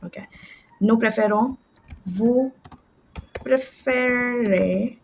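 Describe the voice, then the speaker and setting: A woman tutoring French, explaining verb endings step by step with fillers and quick self-corrections, at a desk with a computer mic. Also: medium pitch, fairly even intonation, darkish tone, slight background noise, low-quality recording. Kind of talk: screen-share language lesson.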